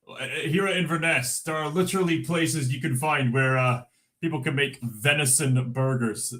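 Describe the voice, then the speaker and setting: A man's voice: mid-range voice, fairly bright tone. Rambling man on a livestream. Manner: rambling, hesitant, lots of fillers and restarts. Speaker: livestream host. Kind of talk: casual livestream chat reading comments.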